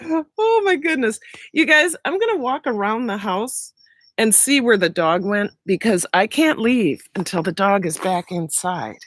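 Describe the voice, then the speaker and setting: A woman's voice: medium pitch, expressive, measured pace, dry recording, poor audio. Chatty woman live-streaming outdoors. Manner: chatty, rambling, greets viewers by name. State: recovering from a sore throat. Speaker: vlog host on a livestream. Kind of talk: casual live-stream chat with viewers. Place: outdoors around a house in summer.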